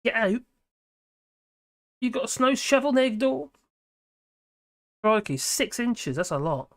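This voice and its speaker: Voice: medium pitch, big pitch swings, a little slow. A live-stream host, chatting casually and reacting to viewer comments in a scattered, talkative way.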